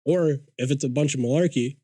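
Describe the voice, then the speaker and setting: A podcast guest with a mid-range, slightly breathy voice talks fairly quickly through an animated, profane story, imitating what others said in casual conversation. There's no echo.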